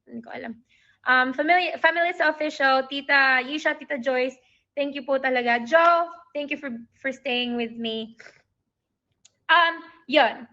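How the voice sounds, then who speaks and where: A woman's voice: sits high, fairly bright tone, lo-fi sound. A woman with a Filipino accent hosting a casual livestream, talking emotionally to her viewers and mixing English with Tagalog. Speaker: livestream host.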